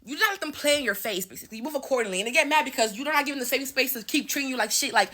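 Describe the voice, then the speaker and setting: A woman's voice: high voice, expressive, very fast, hardly any pauses, pushed and bright, slight background noise. A woman in her twenties telling a heated, profane story-time rant at home, stuttering as she talks. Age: 20s. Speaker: vlogger. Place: home bathroom, indoors.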